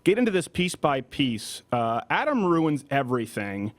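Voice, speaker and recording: A man hosting a political commentary show from a studio, with an animated, mocking delivery. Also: mid-range voice, normal speed. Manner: animated, mocking, breaks into shouted impressions. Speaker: talk show host.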